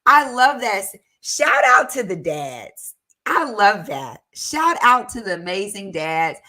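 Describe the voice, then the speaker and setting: A woman hosting a casual personal-finance livestream, chatting with viewers and reading their comments aloud between warm, talkative tangents full of fillers. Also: sing-song. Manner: chatty and warm, with fillers and quick jumps in pitch.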